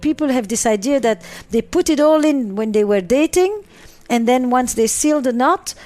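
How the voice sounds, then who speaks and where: A woman's voice: sits high, expressive, moderate pace, darkish tone. A woman therapist answering interview questions, stressing points by repeating and listing words. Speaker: relationship therapist.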